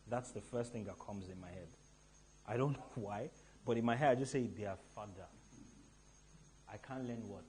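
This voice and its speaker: A man from Nigeria hosting a live event, telling stories to the audience in an animated, emphatic way from a stage mic. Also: mid-range voice, brisk. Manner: animated storytelling with a rising, emphatic delivery. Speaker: event host.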